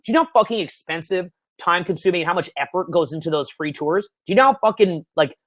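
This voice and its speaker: A young Canadian man coaching on dating in a profane, excitable way, swinging from mumbled asides to loud bursts. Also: sits high, fast talker, no echo. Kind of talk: webinar Q&A.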